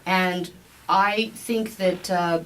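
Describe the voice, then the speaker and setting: A woman's voice: fairly low pitch, fairly even intonation, drawn-out words, fairly bright tone, rough recording. A woman, a medical doctor, talking casually as a podcast guest, with lots of fillers and restarts. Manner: chatty, many fillers and restarts.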